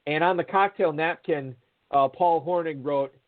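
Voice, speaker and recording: Man, somewhat high voice, rambling anecdote, lots of fillers, tinny phone-line sound. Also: normal speed. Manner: rambling storyteller with many fillers and restarts. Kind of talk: casual anecdote over a call.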